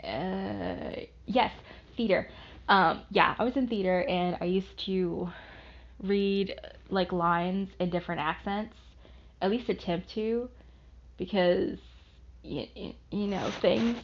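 A young woman from the American South drifts through a loose, unhurried ramble, cursing freely and laughing at herself. Her voice sits at an ordinary pitch, and the recording sounds dull and lo-fi. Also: steady tone, gravelly. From Southern United States. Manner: rambling, swears often, self-deprecating. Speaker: vlogger. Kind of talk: casual rambling monologue.

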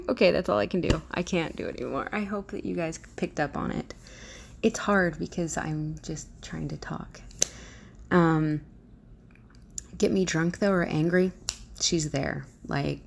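Low, gravelly-voiced chatty woman. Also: takes it slowly, long pauses, a little hiss or hum. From Southern US. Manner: chatty, hesitant, self-deprecating, clear careful diction. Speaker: audio creator. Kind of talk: casual chat to listeners.

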